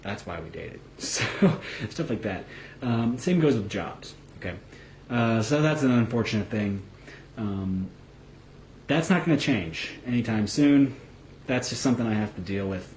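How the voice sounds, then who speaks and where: Blunt low-voiced man vlogging in an echoey room. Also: expressive, unhurried, a little mellow. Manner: blunt, swears freely, many fillers and restarts. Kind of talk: casual talking-head vlog. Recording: echoey room with faint background noise.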